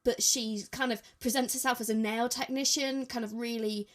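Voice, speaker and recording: A woman priest co-hosting a casual podcast, explaining in a measured way and trailing off softly. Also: fairly high pitch, steady tone.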